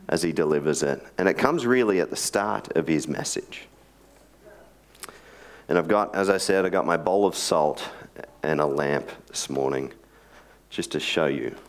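A man giving a sermon, telling a joke story in a chatty way with joking asides before praying and teaching. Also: low voice. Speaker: preacher.

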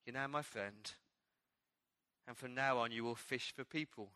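A man preaching a sermon as pastor, telling a Bible story with animated storytelling and acting out the quoted lines. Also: medium pitch, unhurried, no room sound. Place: church.

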